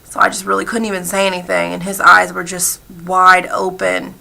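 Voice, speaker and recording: A woman voice interpreter speaking a personal story told in sign language, with halting, repetitive phrasing and frequent fillers. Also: fairly low pitch, flat delivery, vocal fry, pushed and bright.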